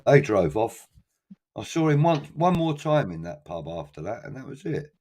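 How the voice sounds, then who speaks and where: A man's voice: mid-range voice, very animated, normal speed, darkish tone. A man, middle-aged, telling a long story in casual chat, acting out voices and swearing freely.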